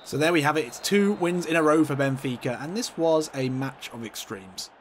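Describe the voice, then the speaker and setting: A man's voice: fairly high pitch, moderate pace, slight background noise. A man commentating over his own football video game in a mock sports-broadcast style, swinging into exasperated outbursts. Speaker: gaming commentator. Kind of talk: let's-play football commentary.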